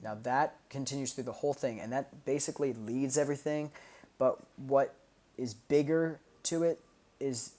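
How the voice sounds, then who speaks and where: In a steady, medium-pitched voice at a moderate pace, a man casually explains his own songs on a stream. His talk is loose and packed with fillers and sung sound effects, and loud music from the track plays underneath.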